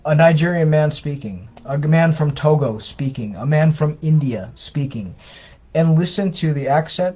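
Guy answering viewer questions live, kinda high voice but mellow, muffled stream audio. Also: slightly rough. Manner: casual, conversational, many fillers and restarts. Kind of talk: live Q&A advice talk. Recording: dull lo-fi livestream audio.

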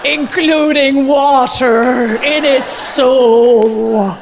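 Elderly woman poet, pompous, slow drawn-out speech, stand-up woman imitating her, high voice. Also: fairly even intonation, gravelly, a crowd in the background, background noise, exaggerated voice. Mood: solemn. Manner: extremely slow, drawn-out solemn cadence. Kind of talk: stand-up impression.

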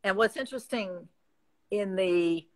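A woman with a Midwestern accent speaking reflectively as a guest in a live chat, pausing and restarting as she thinks. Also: medium pitch, rough recording. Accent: American Midwestern.

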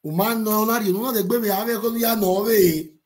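Excitable Nigerian man ranting. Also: high-pitched, moderate pace. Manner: excitable, repetitive, mixes pidgin and local language. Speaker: vlogger commenting on a movie-industry dispute. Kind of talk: animated pidgin commentary.

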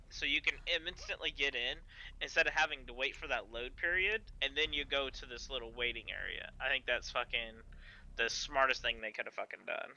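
A man's voice: mid-range voice, bright, forceful tone, lo-fi sound, slight background noise. A man chatting casually and playfully with friends while playing an online game, joking, laughing and swearing. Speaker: gamer. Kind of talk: casual gaming chat.

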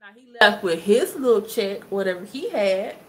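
A woman giving casual gossip commentary to her viewers, chatty and animated as she retells events. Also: medium pitch, moderate pace. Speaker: commentary vlogger.

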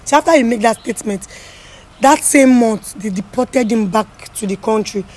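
A woman with a Nigerian Pidgin accent who questions a couple and tells the husband again and again to calm down. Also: a little high, moderate pace. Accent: Nigerian Pidgin English. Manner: calm questioning, repeatedly urging relax. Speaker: host mediating a family dispute.

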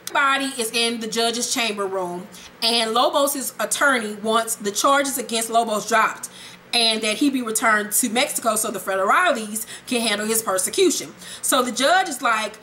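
A woman's voice: on the high side, moderate pace, sharp tone, a little hiss or hum. A woman giving a blunt, casual recap of a TV episode, swearing freely and commenting as she goes. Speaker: TV recap vlogger.

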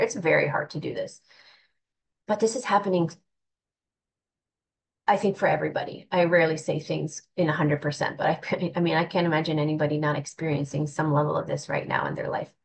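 A woman's voice: low-pitched, fairly even intonation, a little fast, creaky, low-quality recording. A woman giving an earnest, reflective spiritual talk in a casual, conversational way, often restarting her sentences. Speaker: spiritual teacher.

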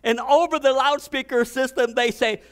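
A man's voice: very high voice, fairly even intonation, normal speed, clean tone. A male pastor preaching a fervent storytelling sermon, often repeating and restarting his words.

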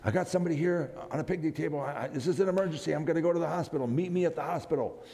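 Guy putting on a panicky regular man rushing to get help, hurried, echoey hall. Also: fairly high pitch, creaky, warm tone, voice pushed up. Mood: urgent. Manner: urgent, hurried. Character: ordinary good man, alarmed and urgent.

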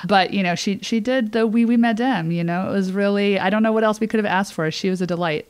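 A woman's voice: mid-range voice, fast talker, clear, resonant tone, no echo. A woman co-hosting a podcast, chatting enthusiastically and telling stories. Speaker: podcast co-host. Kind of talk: casual podcast chat.

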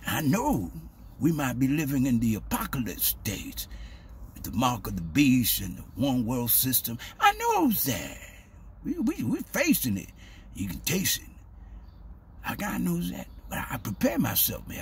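A man talking casually to the camera in a preachy, animated way, stumbling over repeated words and dropping in "man" and "baby". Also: sits high, normal speed, slightly rough. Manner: street-style grammar, says "man" and "baby". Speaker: vlogger. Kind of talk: casual spoken monologue.

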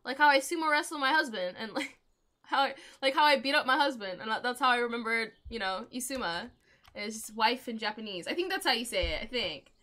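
A woman's voice: a little high, expressive, a little fast, pushed and bright. A young woman streaming a game, chatting to viewers in a giggly, rambling way and telling stories. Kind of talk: casual live-stream chat while gaming.

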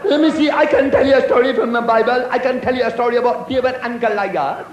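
A man's voice: very high-pitched, fast, dull audio. A man voicing a cheeky, foul-mouthed schoolboy, bluffing and crude, in an echoey club. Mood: cocky. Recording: echoey club with crowd and noise.

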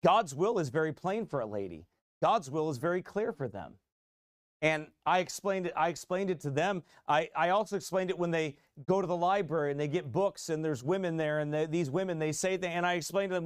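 A middle-aged man, a pastor preaching a fiery, combative sermon that rises to shouts. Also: fairly high pitch, fairly quick, clean tone, no room sound, studio quality. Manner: combative, mocking, repeats phrases, rising to shouts.

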